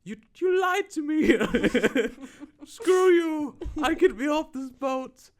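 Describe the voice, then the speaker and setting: A man voicing a heartbroken young woman in a shrill falsetto wail, retelling a movie among friends. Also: expressive, slow pace, full character voice.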